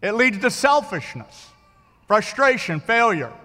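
High-voiced man preaching in an echoing church. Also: sing-song, a little slow, bright, forceful tone. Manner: conversational, repeats words and checks in with listeners. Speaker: pastor. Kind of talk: sermon.

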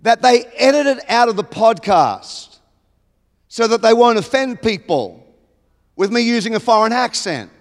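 A man with an Australian accent preaching a sermon, emphatic and building to loud exclamations. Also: very high voice, expressive, measured pace. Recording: long hall reverb.

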